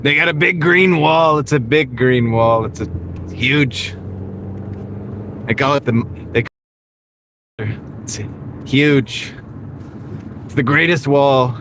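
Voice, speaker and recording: A man's voice: medium pitch, slow pace, long pauses, a bit bright. A man putting on the voice of a blustering, pompous older male politician who boasts and repeats himself, over the road noise of a moving car. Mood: mocking. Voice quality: boastful, repetitive.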